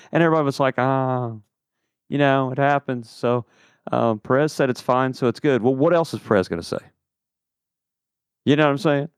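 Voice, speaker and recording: A man's voice: medium pitch, dry recording. A man co-hosting a casual motorsport podcast, rambling with lots of fillers and dry jokes. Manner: rambling, filler-heavy, joking. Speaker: podcast co-host.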